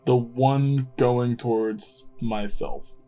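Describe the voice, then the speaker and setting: A man's voice: mid-range voice, steady tone, extremely slow, warm tone, soft background music. A man playing a tabletop game, asking questions in a hesitant way with many ums. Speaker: player.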